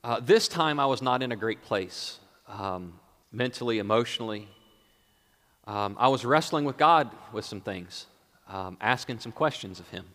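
Preacher swinging from loud to hushed in a reverberant hall. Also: male voice, medium pitch, animated, moderate pace. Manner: swings from loud exclaiming to hushed near-whispers. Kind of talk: sermon.

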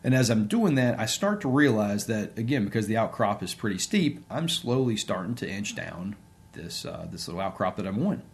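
Guy on an interview telling his story, kinda low voice, lots of uh and you know. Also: very animated, normal speed, gravelly. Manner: conversational, many fillers and repeats. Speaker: interview guest; sports coach. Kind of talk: casual storytelling.

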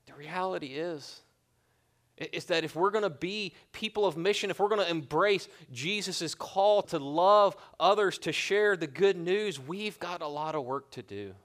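A man's voice: sits high, moderate pace, a bit bright. A man pastor preaching a sermon in an earnest, conversational way with colloquial asides.

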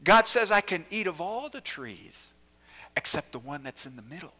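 A man's voice: high voice, very animated, moderate pace, bright, forceful tone, pitched above the performer's own voice, full character voice. A man voicing the first woman as she earnestly corrects the tempter. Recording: reverberant church hall.

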